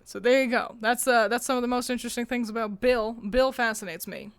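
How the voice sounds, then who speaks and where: A woman co-hosting a casual chat, rambling in a playful way, swearing now and then and breaking into quick laughs. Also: a little high, clear, resonant tone. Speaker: podcast co-host.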